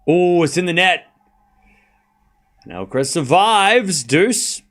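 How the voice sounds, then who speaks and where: Guy calling tennis live on stream, voice jumps all over, excitable then chill chatting with chat. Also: high-pitched, takes it slowly. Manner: excitable play-by-play mixed with laid-back banter to chat. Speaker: stream host doing live tennis commentary. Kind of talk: casual live-stream watchalong commentary.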